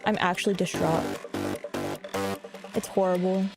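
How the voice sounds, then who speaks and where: Excitable young woman streamer chatting. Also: fairly low pitch, measured pace, loud music behind the voice. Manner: excitable, chatty, swears, teases chat. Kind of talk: casual live-stream chat.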